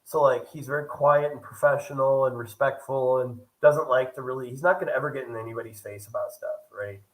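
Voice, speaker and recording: A young man with a mid-range voice talks a little fast in a casual travel vlog, animatedly acting out other people's quoted lines as he recounts a story. The audio is poor.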